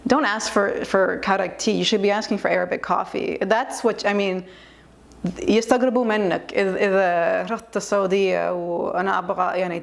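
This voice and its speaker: Fast-talking gravelly young woman. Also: fairly low pitch. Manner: chatty, explaining, quick asides. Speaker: host, Arabic linguist. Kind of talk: reaction commentary.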